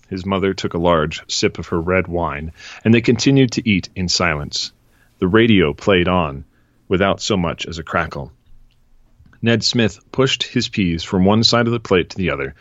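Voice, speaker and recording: Deep-voiced man reading aloud. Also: normal speed, fairly bright tone, no echo, highs cut off. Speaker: podcast host. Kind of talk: casual chat and reading aloud.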